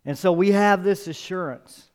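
A man's voice: high-pitched, normal speed, a little mellow, clear, resonant tone. A male pastor preaching a sermon, emphatic, repeating key phrases and building up for emphasis.

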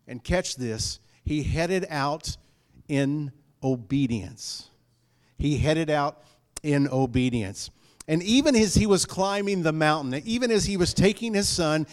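A man preaching a sermon to his congregation, emphatic and repeating key phrases, moving between loud calls and hushed lines. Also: on the high side.

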